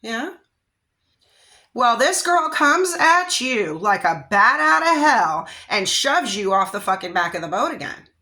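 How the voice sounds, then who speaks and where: A woman's voice: on the high side, big pitch swings, measured pace, hardly any pauses, pushed and bright. A woman tarot reader giving a casual psychic reading, talking in a rambling, conversational way with frequent check-ins and fillers.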